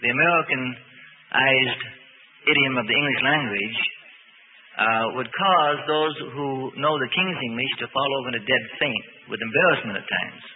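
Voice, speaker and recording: A man's voice: medium pitch, moderate pace, a little hiss or hum. A man preaching a sermon in a folksy, rambling way, with plenty of fillers. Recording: tinny lo-fi radio broadcast with reverb.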